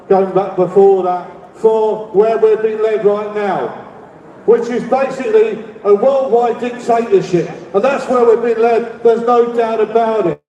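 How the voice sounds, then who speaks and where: A middle-aged man with a London accent giving a rambling rally speech as an activist, shouting demands and leading the crowd in call-and-response. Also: high voice, muffled recording. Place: public rally. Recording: echoey, distant, with crowd noise. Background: faint crowd and ambient noise.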